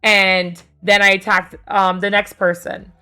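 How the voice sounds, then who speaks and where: Gravelly-voiced woman streamer telling a story. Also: medium pitch, measured pace, faint music behind. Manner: rambling, loose, with lots of fillers and casual swearing; gets louder and more animated as the story builds. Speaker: streamer recounting a tabletop game. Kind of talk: casual storytelling on a livestream.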